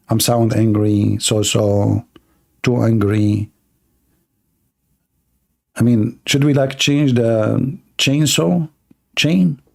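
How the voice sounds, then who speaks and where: A man hosting a livestream, speaking sarcastic, mocking broken English and swinging between loud outbursts and exaggerated slow, soft talk. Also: mid-range voice, gravelly, breathy edge. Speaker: livestream host. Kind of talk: livestream debate commentary.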